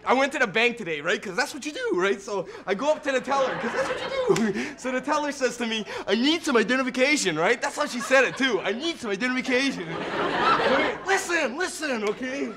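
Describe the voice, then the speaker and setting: A man's voice: extremely high pitch, very animated, normal speed, noisy background. A young Canadian man doing manic, giggly stand-up comedy, rambling and breaking into laughter. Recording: 1980s TV archive, loud audience laughter.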